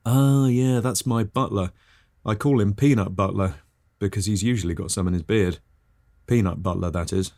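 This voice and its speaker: A man's voice: fairly low pitch, moderate pace, mellow, no echo, clean studio sound. A man hosting a comic podcast, talking in a chirpy, eager and over-apologetic way. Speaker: podcast host. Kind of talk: comic scripted host patter.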